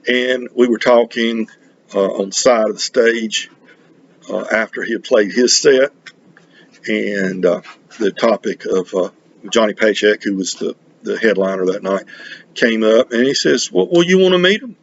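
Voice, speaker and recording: A middle-aged man from North Carolina, chatting casually on his record vlog in a halting, rambling way full of restarts. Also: fairly low pitch, steady tone, muffled recording, slight background noise. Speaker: record collecting vlogger. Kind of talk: casual chat.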